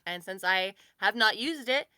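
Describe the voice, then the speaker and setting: Rambling woman player, bright voice. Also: mid-range voice, expressive, unhurried, clean tone, no room sound. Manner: rambling, many "like" and "kinda". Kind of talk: describing her character's actions in a tabletop game.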